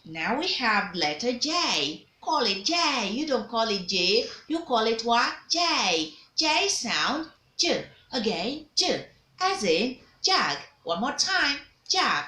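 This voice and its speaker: Speaking slowly in a fairly high, sharp voice that swings widely in pitch, a woman leads a pronunciation drill. She works through letter sounds and word examples, praising learners and prompting them to repeat, all in a room with echo and faint ambience.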